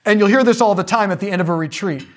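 A man giving a casual, conversational talk on faith, animated, with jokey asides. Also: high voice, quick pace.

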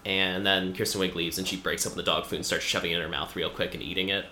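Man, casual chat, rambling storyteller, wry asides, lowish pitch, echoey room. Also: fairly even intonation, quick pace, sharp tone, a little hiss or hum. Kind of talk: casual chat recapping a TV episode.

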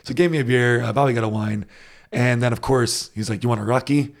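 A man with a medium-pitched voice talks fast while telling a travel story in casual chat. His anecdotes are rambling and animated, full of fillers and restarts.

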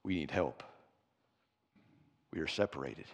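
A man preaching a sermon in a church, telling stories with big swings from quiet to shouting. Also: extremely low pitch, animated, a little slow, lo-fi sound. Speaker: pastor. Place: church sanctuary. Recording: preaching in a church hall with long reverb.

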